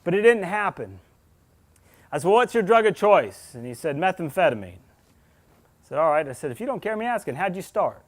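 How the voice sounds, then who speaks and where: A man with a fairly high voice gives a public talk to a community audience. He tells stories earnestly, speaks straight to the listeners, and voices the people he met as he recounts them. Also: big pitch swings, normal speed, long pauses. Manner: earnest storyteller, acts out dialogue, speaks to the crowd directly. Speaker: state police officer giving a community talk.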